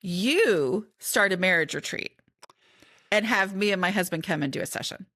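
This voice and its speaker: A woman's voice: medium pitch, animated, moderate pace, fairly bright tone, no room sound, clean studio sound. A middle-aged woman, an author and podcast guest, talking in a chatty, candid way and often interrupting herself. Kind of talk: casual conversation.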